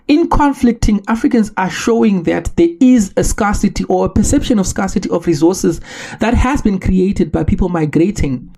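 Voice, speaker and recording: A man from Zimbabwe, hosting a solo podcast and making his case in an earnest, measured way with rhetorical questions. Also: sits high, dark tone. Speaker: podcast host.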